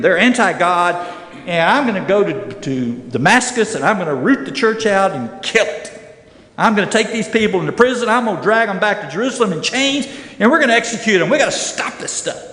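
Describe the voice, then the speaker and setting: Animated high-voiced male Bible teacher. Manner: animated, acts out quoted voices. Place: church classroom. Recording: echoey room with long reverb.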